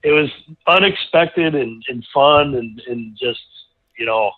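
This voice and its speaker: A middle-aged man, a guest racing driver, telling a rambling, animated anecdote in casual conversation, full of restarts. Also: medium pitch, a little slow. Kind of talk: casual storytelling. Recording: tinny phone-like line.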